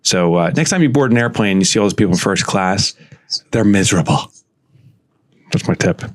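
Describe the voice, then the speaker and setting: Male podcast co-host, lowish voice, rambling casual chat, self-mocking. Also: expressive, a little fast. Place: home office.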